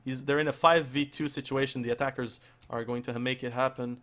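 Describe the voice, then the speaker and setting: A male esports caster calls the action live in a hoarse, worn voice, his pitch sitting at an everyday middle. He stumbles over words and restarts his sentences often. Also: steady tone, fairly bright tone, a little hiss or hum. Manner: halting, with frequent restarts and fillers. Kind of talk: live play-by-play commentary.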